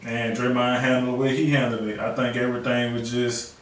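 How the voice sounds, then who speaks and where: A man in casual sports chat, loose and slangy, full of "you know what I'm saying." His voice sits at a middle pitch. He sounds a step back from the mic in a very echoey room, so the words ring off hard walls. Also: flat delivery, a little fast, distant mic. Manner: loose, slangy, acts out players' lines in a raised voice. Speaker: podcast co-host.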